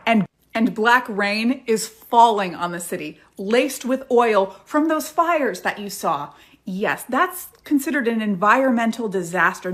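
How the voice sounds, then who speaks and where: Female news commentator, dramatic and sarcastic, lively. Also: a little high. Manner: dramatic, sarcastic, addresses viewers.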